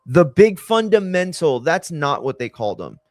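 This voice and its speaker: A man's voice: fairly high pitch, big pitch swings, moderate pace, dry recording, clean studio sound. A man hosting a watch-along stream, chatting casually in a rambling, sarcastic and exasperated way. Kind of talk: casual chat.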